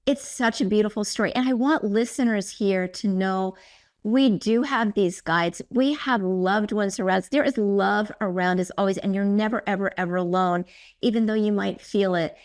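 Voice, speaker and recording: In a relaxed podcast interview, the female host tells stories with gushing enthusiasm, quoting her inner thoughts and performing things she once said. She speaks at normal speed in a mid-range, slightly mellow voice.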